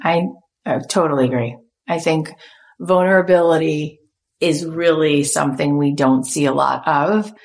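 A woman host with a notably low voice asks questions with enthusiasm. She pauses to reflect between phrases, in a conversational interview style.

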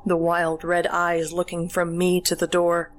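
A woman narrates a chilling first-person horror tale, reading in a measured, deliberate way. Her voice sits a little low for a woman. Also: completely flat delivery. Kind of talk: scripted horror story narration.

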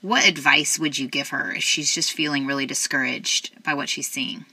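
A woman's voice: rumbling low, fairly even intonation, normal speed, bright, forceful tone, breathy edge, dry recording. A woman hosting an interview, affirming and heartfelt as she sums up and thanks her guest. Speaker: podcast host. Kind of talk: casual interview chat.

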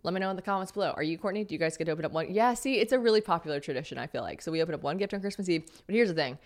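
Fast-talking woman podcast host, low-voiced. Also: lively intonation. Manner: chatty, jokey, swears casually, reads ad copy brightly. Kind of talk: casual solo podcast chat.

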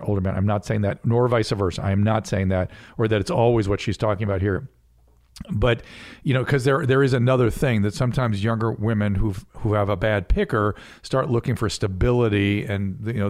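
A man hosts a podcast with chatty, amused talk. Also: fairly low pitch. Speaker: podcast host. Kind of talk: casual chat.

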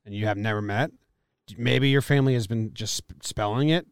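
A man bantering on a podcast, quick and teasing. His voice is clear and smooth. It is recorded close and dry. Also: fairly low pitch, no room sound. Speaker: podcast co-host. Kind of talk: casual banter.

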